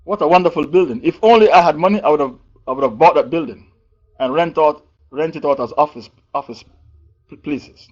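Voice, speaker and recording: A man acting out a dazed man daydreaming about buying a tall building, in a lower musing tone. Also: fairly quick, a little mellow, lo-fi sound, close to an everyday voice. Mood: dreamy.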